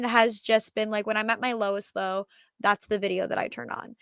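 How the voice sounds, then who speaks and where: A young woman from Minnesota, a podcast guest telling lively anecdotes with laughs. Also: on the high side, clean tone, no room sound. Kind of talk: casual storytelling.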